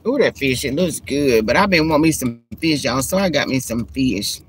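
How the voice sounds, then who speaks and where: A woman with a very deep voice runs a casual car live stream on a handheld phone, speaking at normal speed with lively intonation. Chatty and folksy, she addresses viewers as girl and honey, and there's slight background noise.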